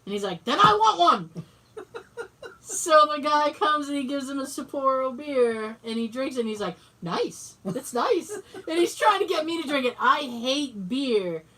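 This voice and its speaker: A woman co-hosting a podcast tells a long story in loose, casual chat. Her voice is bright and a little high, and she jumps into the other people's lines as she tells it. She sits back from the mic, so she comes across as a bit distant. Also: expressive, normal speed. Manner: acts out quoted dialogue, swears casually. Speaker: podcast co-host.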